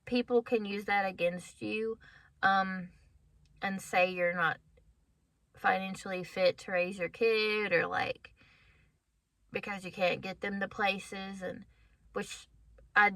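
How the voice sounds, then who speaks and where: A woman talking casually and with deep feeling in a personal vlog from her car, at times close to tears and worn down by a headache. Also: takes it slowly, pushed and bright, no echo. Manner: emotional, heartfelt, tearful at times. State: has a migraine. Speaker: vlogger.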